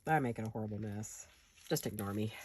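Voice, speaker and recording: A woman's voice: very deep voice, fast, background noise. A woman with a stuffed-up nose from a head cold gives a chatty, rambling, self-deprecating paper-craft tutorial in her home studio.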